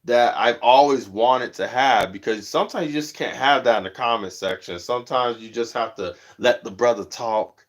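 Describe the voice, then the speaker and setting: A man hosting his own livestream in loose, slangy casual chat, animated when he tells a story and a bit stuffy from allergies. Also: moderate pace, few pauses. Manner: animated storytelling, jumps high when quoting others; slangy, says "you know what I'm saying" often. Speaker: livestream host.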